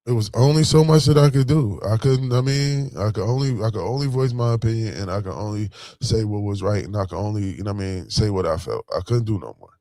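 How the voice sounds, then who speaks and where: Buffalo guy with a buffalo accent, gravelly voice, slangy motivational vlog talk, dry close sound. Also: lowish voice, fast, mellow, no room sound. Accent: Buffalo, New York. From Buffalo, New York. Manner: slangy, frequent "you know what I'm saying". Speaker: vlogger.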